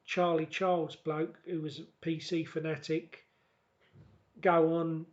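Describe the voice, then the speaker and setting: A man vlogging a casual, reminiscing monologue who talks haltingly and often repeats words and restarts. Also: on the high side, level tone, muffled recording.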